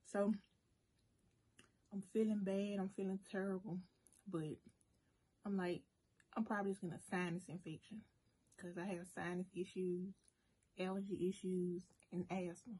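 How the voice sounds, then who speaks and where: A woman's voice: lowish voice, a little slow, long pauses, a little hiss or hum. A woman food vlogger chatting through a long personal story while she eats, talking straight to her viewers. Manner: chatty, animated storytelling, addresses viewers as y'all. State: emotional at moments, briefly choked up. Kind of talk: casual storytime while eating.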